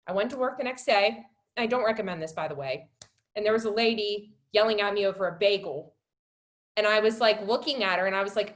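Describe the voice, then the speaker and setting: Emotional storytelling woman, filler-heavy. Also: fairly quick. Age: 20s. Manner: rises high and loud when reliving moments. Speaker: wellness coach. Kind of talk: personal testimony on a webinar.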